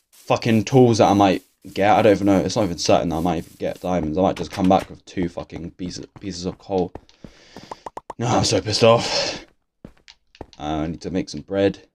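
A man's voice: low voice, darkish tone. A young man, talking through a game in a casual, swear-filled, grumbling ramble. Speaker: gaming YouTuber. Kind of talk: casual let's-play commentary.

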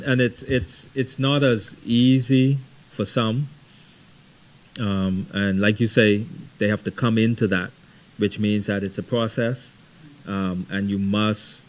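A middle-aged man leading a Bible study, teaching conversationally with lively stories and frequent "right?". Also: fairly low pitch. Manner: animated storytelling, frequent ums and repeated "right?".

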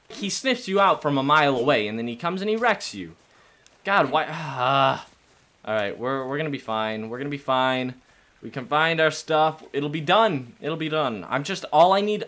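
A young man giving excitable let's-play commentary, swinging between low mutters and panicked shouts. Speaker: gaming YouTuber.

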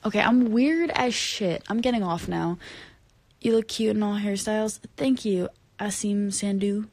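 Tired, rambling woman with vocal fry. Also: mid-range voice, unhurried, a little mellow, no room sound. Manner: rambling and giggly, drops into whispers at times. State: tired from no sleep. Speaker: singer livestreaming to fans. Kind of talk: casual late-night livestream chat, reading comments. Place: at home at bedtime, indoors. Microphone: phone camera held close.

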